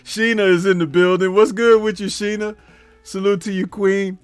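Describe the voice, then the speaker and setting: A man's voice: high-pitched, little pitch movement, normal speed, clear, resonant tone, faint music behind. A man hosting a casual live stream. He reads viewer comments aloud, talks back to them, laughs at his own jokes and keeps tagging his remarks with "huh?". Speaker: host.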